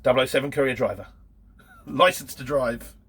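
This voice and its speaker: This man in his 50s has a husky, medium-pitched voice with a fairly bright tone and speaks at normal speed. In a casual Q&A monologue he chats about courier driving, telling stories and laughing between them.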